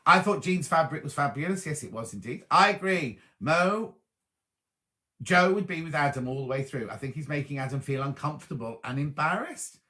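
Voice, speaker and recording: This live-stream host has a fairly high, sharp-toned voice and an animated manner, speaking at normal speed. He chats casually and reads viewer comments aloud, answering them.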